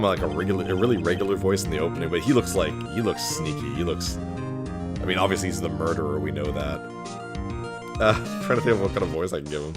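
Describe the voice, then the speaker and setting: A man hosting a let's play, giving jokey, animated gameplay commentary with rambling asides, recorded at home. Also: sits low, normal speed. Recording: voice over game music.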